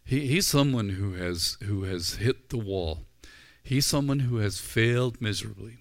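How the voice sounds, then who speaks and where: Speaking at a measured pace with a fairly low voice, a middle-aged man preaches a sermon. He narrates events as a story and voices the disciples himself.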